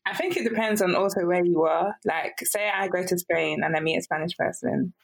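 Young British woman, relaxed podcast host. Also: lowish voice, fairly quick, vocal fry. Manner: relaxed, laughing, slangy. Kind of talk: casual podcast interview.

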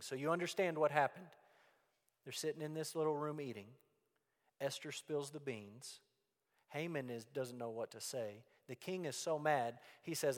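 A pastor giving a folksy, animated sermon. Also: male voice, medium pitch, normal speed. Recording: long reverb in a church hall.

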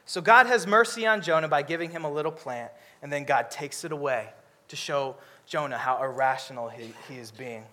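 A man preaching a sermon, lively and humorous, acting out characters with comic voices. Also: fairly high pitch, fairly quick.

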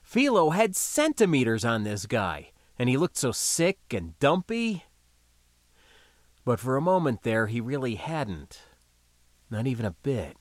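A man narrating an audiobook in a lively, unhurried reading voice. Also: medium pitch, no echo, clean studio sound.

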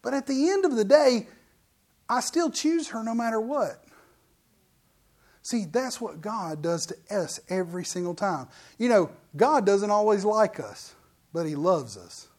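A man's voice: high voice, expressive, unhurried, darkish tone. A middle-aged man preaching a sermon as pastor, in a folksy, joking, conversational way.

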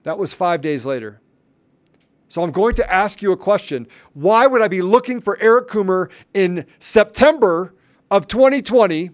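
A man's voice: high-pitched, animated, moderate pace. A man hosting a podcast, delivering impassioned political commentary with emphatic, repeated phrases. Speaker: podcast host.

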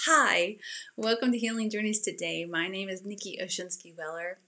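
A woman in her thirties hosts a faith show, sharing a devotional message. She talks in a chatty, emotional way, with frequent laughter. Her voice is bright and lively. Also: mid-range voice, normal speed. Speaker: host of a faith talk show. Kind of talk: informal devotional teaching.

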